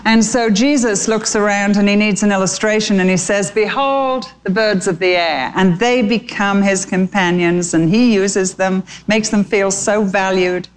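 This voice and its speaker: A woman preaching a sermon in an animated, chatty storytelling manner. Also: medium pitch, normal speed, few pauses, smooth, rough recording.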